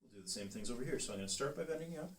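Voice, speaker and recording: A man working as a chiropractor, calmly talking a patient through muscle tests and encouraging her step by step. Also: medium pitch, rapid-fire. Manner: calm, steady, encouraging coaching. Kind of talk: giving instructions during a treatment session. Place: treatment room. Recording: roomy, distant, faint hiss.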